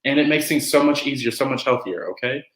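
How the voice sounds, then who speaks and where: A man's voice: mid-range voice, expressive, quick pace, a bit bright, reverberant, low-quality recording. A man guesting on a podcast in casual chat, an easygoing storyteller who acts out quotes.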